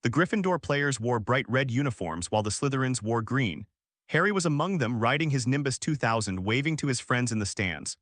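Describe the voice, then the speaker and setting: A man narrating a story with steady, even delivery. His voice sits at a middle pitch, and the recording is dry and close, with no room sound. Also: a little fast, dry recording. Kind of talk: audiobook narration of fan fiction.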